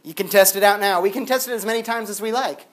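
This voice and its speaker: Guy teaching a class, super casual and animated, says like a lot. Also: high-pitched, fast talker. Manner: chatty, animated, lots of "like" fillers. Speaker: university philosophy lecturer.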